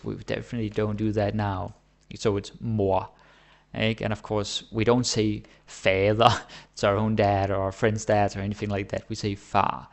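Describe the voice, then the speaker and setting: A man teaching his language in a relaxed, chatty way, often checking in with "right?". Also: lowish voice. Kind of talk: casual explanatory lesson.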